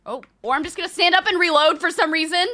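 A woman streamer giving live gameplay commentary, excitable, cursing and laughing often. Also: extremely high pitch, fast.

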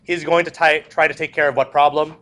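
A male teacher lectures a classroom, his voice sitting a little higher than most men's. He mixes jokes into his stories. He keeps putting questions to the students. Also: level tone, brisk, a bit bright. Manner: joking, storytelling, asks the class questions. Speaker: history teacher.

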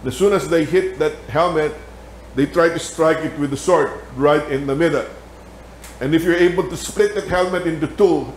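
A man with a Filipino accent teaching a Bible lesson in a church, telling stories in an animated way with laughter. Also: on the high side, roomy sound, a little hiss or hum. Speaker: Sabbath school teacher. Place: church hall.

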